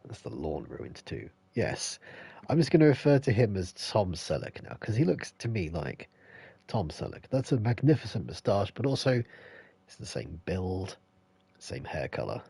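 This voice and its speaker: Male streamer, low husky voice, dry close sound, chatty asides. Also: sing-song, normal speed, warm tone, no room sound. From England. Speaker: game streamer. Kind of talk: casual gameplay commentary.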